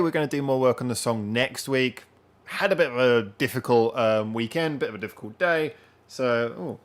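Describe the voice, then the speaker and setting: Male streamer, rambly and casual, talks straight to chat, mid-range voice. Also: mid-range voice. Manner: rambling, chatty, addresses viewers directly. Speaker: live-stream host. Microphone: wearing headphones.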